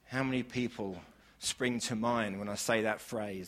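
A man preaching a sermon, piling up long lists of praise words and swinging from loud declarations to hushed, slow lines. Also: on the low side, fairly even intonation.

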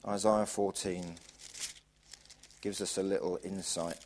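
A man preaching a sermon to a congregation, asking rhetorical questions and swinging from loud emphasis down to quiet, low lines. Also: little pitch movement, slow, slight background noise. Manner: varies volume widely, drops to quiet emphasis; asks the audience rhetorical questions.

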